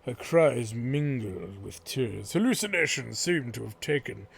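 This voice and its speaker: A man, the host of a let's play, narrating a game's story in a slow, measured storytelling read. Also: medium pitch, animated, vocal fry, breathy edge. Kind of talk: slow dramatic narration of game text.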